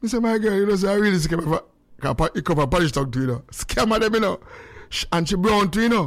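A man's voice: fairly high pitch, no room sound, studio quality. An older man in his sixties with a Jamaican accent, hosting a radio show in rambling, jokey casual chat. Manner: rambling, jokey, repeats phrases. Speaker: radio host.

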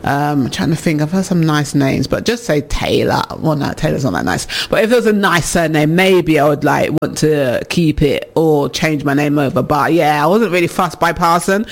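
A man's voice: fairly high pitch, lively intonation, normal speed, few pauses. A man hosting a radio talk show, chatting casually, musing aloud and laughing often as he reads out listener comments. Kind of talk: casual chat.

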